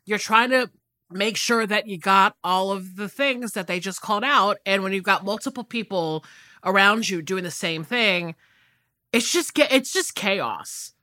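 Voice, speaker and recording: Woman cohost chatting, swings her pitch all over, swears for emphasis, dry close mic. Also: expressive, unhurried, bright, forceful tone, no echo. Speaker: podcast co-host. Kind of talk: casual chat.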